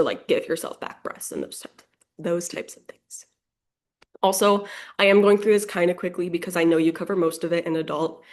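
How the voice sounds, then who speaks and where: Young female tutor, lowish voice, loose and filler-heavy, on a video call. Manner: quick, casual, many fillers and self-corrections. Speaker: nursing exam tutor. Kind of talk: exam review lecture over video call.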